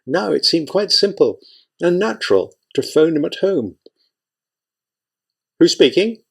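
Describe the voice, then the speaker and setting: A male audiobook reader narrating a literary novel. His voice is gravelly, and his delivery stays steady and measured. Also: fairly high pitch.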